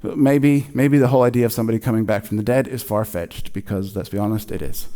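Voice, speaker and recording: A man preaching a sermon in a conversational, animated way, joking with the congregation. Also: on the low side. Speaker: pastor.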